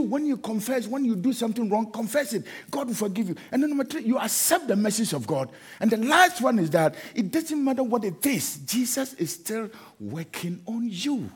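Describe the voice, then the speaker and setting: A middle-aged pastor, not a native English speaker, preaches in a high, husky voice. He swings widely in pitch and often breaks into chanted, sung refrains. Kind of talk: sermon.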